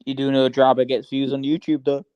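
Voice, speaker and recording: A chatty man with a British accent keeps the casual talk moving with eager questions and quick asides. His voice comes through a dull, muffled voice-chat line. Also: mid-range voice, level tone, smooth. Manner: chatty, curious, asks lots of questions. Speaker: livestream guest.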